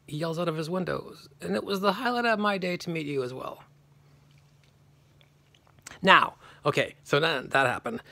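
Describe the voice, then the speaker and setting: A man's voice: on the low side, a bit bright. A man telling a rambling personal story, with many restarts and self-corrections.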